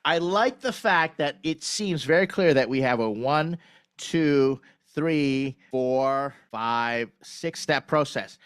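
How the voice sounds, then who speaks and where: A man giving a blunt, direct critique of startup pitch decks over a video call recording, with lively emphasis. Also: takes it slowly, smooth. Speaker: pitch deck reviewer.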